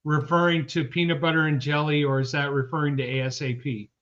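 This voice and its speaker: A man's voice: on the high side, steady tone, fairly quick. A man co-hosting a sports podcast, reading out viewers' chat names one by one in a casual, upbeat way. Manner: upbeat, shouting out viewers by name. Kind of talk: casual live-stream chat. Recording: dull lo-fi stream audio.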